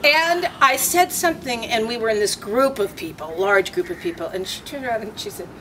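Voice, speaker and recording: An older woman telling stories in a casual interview, animated and laughing as she acts out voices. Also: fairly high pitch, fairly quick, recorded from a distance, slight background noise.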